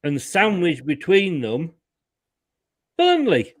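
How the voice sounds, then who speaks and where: A man giving football predictions as a guest in casual banter, animated, laughing often and tripping over his words on a video call mic. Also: on the high side, slow pace, no echo. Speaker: pundit guest.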